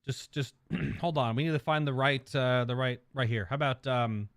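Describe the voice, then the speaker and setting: A man streamer chats through a casual reaction to a video, rambling and amused. His voice sits in an ordinary middle pitch and sounds dry and close. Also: fairly even intonation, moderate pace, gravelly, fairly bright tone, dry recording.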